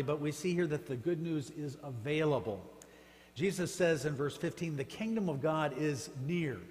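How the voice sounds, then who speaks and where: A man's voice: on the high side, a little mellow. A man preaching a sermon as pastor, with emphatic, rising exclamations. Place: church sanctuary. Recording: church hall reverb with faint hum.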